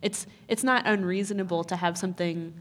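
A woman's voice: lowish voice, a little fast, slight background noise. A woman co-panelist in a casual discussion, giving brief supportive replies.

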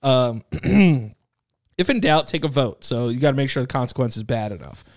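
Picture a man in the middle of a podcast, reading out the rules of a party game in a loose, offhand way. His pitch sits in an ordinary middle range. He peppers his talk with swearing and jokey asides to his co-host. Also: expressive, normal speed, a little mellow. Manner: loose, profane, joking banter. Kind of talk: casual chat, reading game rules aloud.

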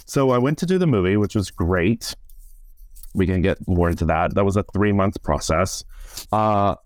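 Telling stories as a podcast guest, a middle-aged stage performer and director speaks animatedly, with acted-out quotes and frequent "like"s. His low voice is expressive and moves at a moderate pace. The studio sound is clean with no room sound.

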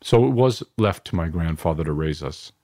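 A man's voice: deep voice, animated, moderate pace, dark tone, dry recording, clean studio sound. A middle-aged man from New York, a filmmaker reflecting at length in an interview, digressive with frequent restarts and asides. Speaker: filmmaker guest.

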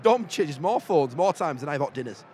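A man's voice: on the high side, lively intonation, moderate pace. A man co-hosting a fan podcast at a football ground, teasing his co-host and reacting to the match. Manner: teasing, playful. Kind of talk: joking match-day banter. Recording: outdoor crowd and traffic noise.

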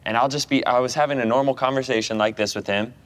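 A man's voice: medium pitch, steady tone, quick pace. A man from the United States, a guest in his thirties, chatting casually and telling stories with frequent laughs. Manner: chatty storyteller, laughs often. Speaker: guest goalkeeper. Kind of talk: casual chat.

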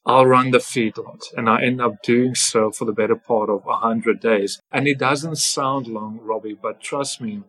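A man's voice: medium pitch, fairly even intonation, moderate pace, hardly any pauses, a bit bright, husky, poor audio. A man being interviewed as a podcast guest, telling his story in earnest first person and often ending sentences with "right?". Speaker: podcast guest, former farm worker.

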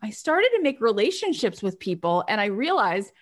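A woman's voice: mid-range voice, sing-song, normal speed. A woman hosting a podcast, telling a motivational story about her past work and acting out old phone calls. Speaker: podcast host.

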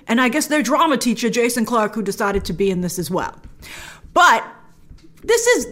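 Animated, lively-pitched woman reviewing a film. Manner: chatty and animated, acts out her own reactions. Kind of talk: casual movie review to camera.

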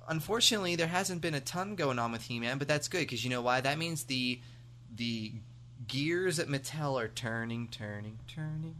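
An American man co-hosting a podcast in relaxed, rambling chat, joking and filling gaps with ums. His voice is bright and forward, at an everyday middle pitch. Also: a little hiss or hum. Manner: rambling, jokey, full of fillers. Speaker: podcast co-host. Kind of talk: casual chat.

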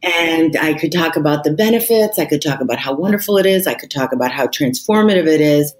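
Low-voiced woman, candid podcast guest. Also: expressive, fairly quick. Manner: candid, reflective, emphatic. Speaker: interview guest. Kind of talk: podcast conversation.

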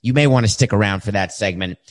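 A man hosting a sports betting talk show, animated and sarcastic, with quick asides. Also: fairly low pitch.

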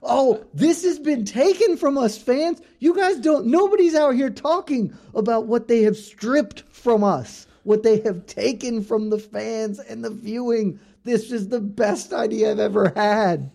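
A man's voice: very high voice, unhurried, creaky, few pauses, mellow. A man co-hosting a casual podcast, talking in a playful, enthusiastic way with lots of "dude" and "like". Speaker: co-host.

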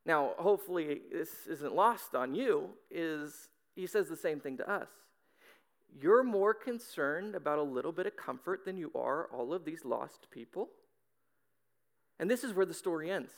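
A man preaching a sermon in an animated, conversational way, acting out little voices for comic effect. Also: a little high, normal speed. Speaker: pastor.

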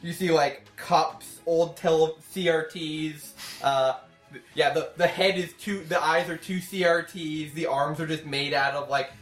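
A man chatting as a player in a tabletop game, lively and often laughing. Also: on the high side, a little slow. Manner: animated, laughs often, describes his character's moves. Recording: echoey room, far from mic, faint music.

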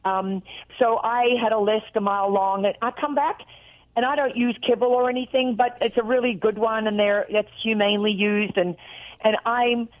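An excitable, chatty woman with an Australian accent, talking as a guest caller on a radio show. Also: fairly high pitch, normal speed, narrow, tinny audio. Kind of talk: casual phone chat.

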